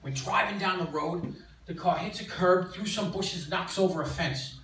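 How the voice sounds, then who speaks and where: Older man doing deadpan stand-up. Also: high-pitched, a little hiss or hum. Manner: deadpan punchlines with filler pauses. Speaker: stand-up comedian. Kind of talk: stand-up set. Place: comedy club stage with audience laughter. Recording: echoey club audio, distant, loud crowd.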